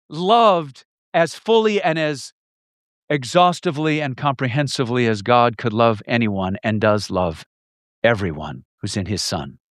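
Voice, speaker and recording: Male preacher, slightly high voice, emphatic and repetitive, dry close recording. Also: no room sound. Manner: emphatic, repeating key phrases, swinging from loud to hushed. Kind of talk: sermon.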